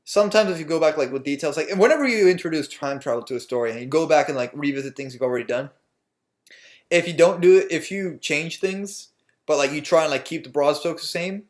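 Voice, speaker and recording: Rambling young guy, slightly high. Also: quick pace. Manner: rambling, swears casually. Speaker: podcast co-host. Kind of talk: casual chat.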